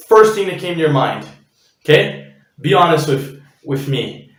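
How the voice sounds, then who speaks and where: A man hosts his own motivational vlog, chatting casually and checking in with viewers. His voice sits high for a man, and the room rings with heavy echo. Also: big pitch swings, moderate pace, long pauses. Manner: chatty, frequent "okay?" and "right?" check-ins. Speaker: channel host. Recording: echoey room.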